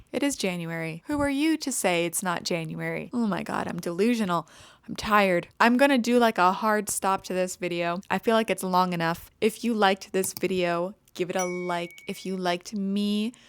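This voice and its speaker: A woman's voice: mid-range voice, clean tone, no room sound. Sarcastic ranting woman beauty vlogger. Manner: exasperated, sarcastic ranting with dramatic emphasis. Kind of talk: casual ranting makeup review.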